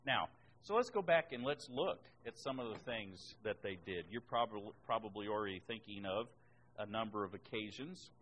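A man preaching a sermon and reading scripture aloud, rising sharply in pitch and volume on the words he stresses. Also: animated, normal speed, a bit bright, highs cut off, slight background noise. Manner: emphatic, rises in pitch and volume on key words.

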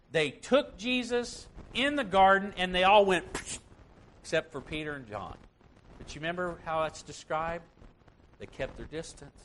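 A man's voice: medium pitch, fairly bright tone, a little hiss or hum. A man preaching a sermon, reading scripture aloud with earnest, rising emphasis.

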